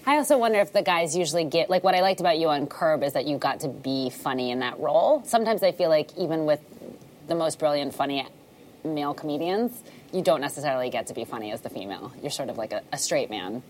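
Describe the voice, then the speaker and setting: A woman hosting an interview, quick and affirming, with a faint noise behind her. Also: low voice. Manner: fast, affirming, talks in quick bursts. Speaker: host. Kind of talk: casual interview chat.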